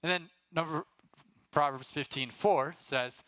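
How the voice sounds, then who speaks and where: A young man preaching to a youth group in a casual, energetic way, often checking in with the room and getting them to call out answers. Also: fairly high pitch, unhurried, no room sound. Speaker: youth pastor.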